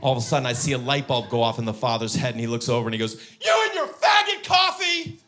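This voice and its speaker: A man doing a stand-up comedy set on a live stage, animated and breaking into loud high-pitched punchlines. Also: very fast.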